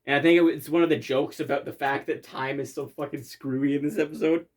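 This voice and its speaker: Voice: medium pitch, fairly even intonation, fast. A creator giving casual commentary over their own comedy video, rambling, swearing casually and laughing often.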